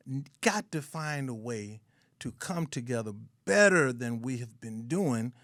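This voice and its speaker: A man's voice: fairly high pitch, no room sound, studio quality. A man hosting a casual online radio talk show, playful and joking about mispronouncing names. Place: studio.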